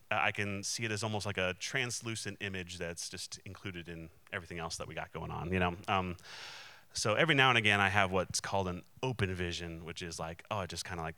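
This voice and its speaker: Earnest man telling a bright testimony. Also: deep voice, clean tone, dry recording. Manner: earnest, candid, emotionally open. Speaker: Christian minister and conference speaker. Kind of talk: personal testimony storytelling.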